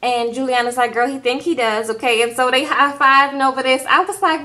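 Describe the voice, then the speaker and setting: A young woman talks straight to her camera in a casual vlog, recapping an episode with lively retold quotes and laughter. Her voice sits a little high and sounds bright and forward. She keeps a loose, conversational flow. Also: a little fast, few pauses. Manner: chatty, animated retelling with quoted voices and laughs. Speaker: reality show recap vlogger.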